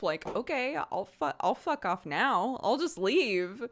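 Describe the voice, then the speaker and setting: A woman streaming to her viewers in a casual chat, telling stories with lively laughter and acting out the voices of others. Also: a little high, takes it slowly, few pauses. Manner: animated storytelling, frequent laughter; acts out quoted voices while retelling.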